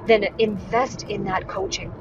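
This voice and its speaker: A woman's voice: medium pitch, steady tone, measured pace. A woman from Hong Kong, a communication coach, giving an emphatic motivational talk that repeats its key phrases. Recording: slightly dull lo-fi sound with clear background noise.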